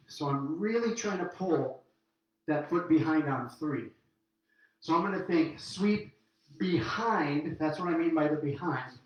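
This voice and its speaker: A man's voice: fairly high pitch, unhurried, dull audio. A middle-aged man teaching a swing dance lesson online, counting steps aloud while he dances, upbeat. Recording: very echoey room.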